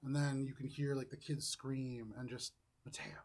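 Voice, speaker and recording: A man's voice: mid-range voice, level tone, moderate pace, a little mellow, a little hiss or hum. A young man narrating a tabletop game as game master, easygoing and descriptive, with many fillers.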